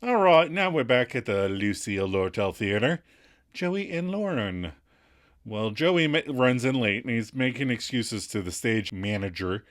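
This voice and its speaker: A man co-hosting a podcast, recapping an episode in casual chat, laughing often and getting animated when he quotes lines. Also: medium pitch, a little slow. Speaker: podcast co-host.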